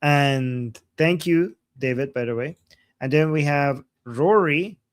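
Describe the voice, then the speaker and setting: A man's voice: fairly high pitch, takes it slowly, no echo, clean studio sound. A young man co-hosting a livestream, reading viewer comments aloud and answering them in a casual, chatty way. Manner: chatty, reads comments aloud then responds. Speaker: livestream co-host.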